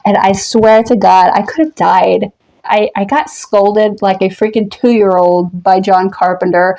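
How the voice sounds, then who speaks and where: Woman vlogger, 30s, casual storyteller, lively and profane, laughs a lot. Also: medium pitch, measured pace. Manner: animated, swears freely, laughs often. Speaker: horror vlogger.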